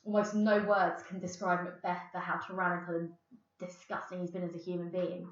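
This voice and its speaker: A woman's voice: lowish voice, level tone, brisk. A woman with an English accent teaching a recorded English literature lesson, explaining a play and reading quotations plainly. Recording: roomy, dull lo-fi sound.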